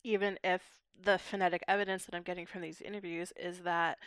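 A woman's voice: on the low side, level tone, fairly quick, a bit bright, clear, resonant tone, no echo, clean studio sound. A young woman from Pittsburgh, a linguistics PhD student explaining her research in a podcast interview, articulate and academic. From Pittsburgh, USA. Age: young adult.

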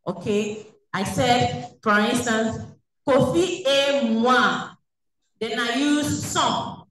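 A woman's voice: on the high side, very slow, a bit bright, slight background noise. A woman teaching a French class over a video call. She poses questions to the class and then answers them herself. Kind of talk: online class lecture. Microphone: video call recording. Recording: echoey room, distant from the mic.

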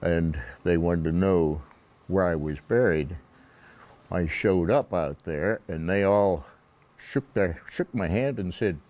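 An elderly veteran in his nineties speaks slowly and plainly with a wry edge. His voice sits low and mellow, with an unhurried delivery. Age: 90s. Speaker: war veteran interviewee. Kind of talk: oral-history interview.

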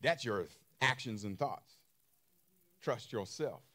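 A man's voice: mid-range voice, lively intonation, slow pace, bright, forceful tone. A man preaching a sermon in an emphatic style, repeating phrases and throwing questions to his listeners, with features. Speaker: pastor.

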